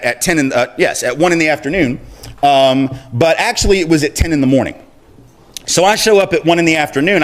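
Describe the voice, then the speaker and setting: A man giving a public speech as an activist, telling a personal story in a conversational, self-deprecating way and chuckling as he acts out the voices in it. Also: on the high side. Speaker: activist speaker.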